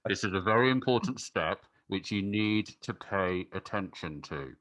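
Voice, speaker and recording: A man's voice: lowish voice, normal speed. A man hosting a podcast in casual, teasing chat. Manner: playful, teasing, animated. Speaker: podcast host.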